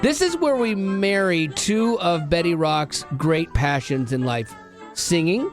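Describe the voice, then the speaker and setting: A man's voice: on the high side, animated, a little slow, faint music behind. A man hosting a radio show, leading a playful game with joking, self-deprecating chatter. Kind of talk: playful morning radio chat. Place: radio studio. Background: ukulele playing.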